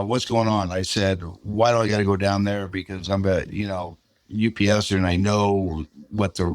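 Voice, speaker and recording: A man's voice: on the low side, no echo. A middle-aged man giving a personal testimony as a podcast guest, plainspoken and casual, acting out what people said. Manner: plainspoken, casual, retells dialogue.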